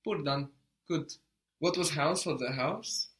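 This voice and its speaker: A man's voice: a little high, unhurried, a bit bright. A man teaching a language lesson, patiently prompting a learner and giving short praise.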